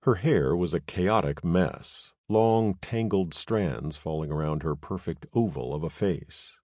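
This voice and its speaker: A man reading an audiobook as narrator, in an expressive, measured narration. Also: low-pitched, dry recording, studio quality. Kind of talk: scripted narration.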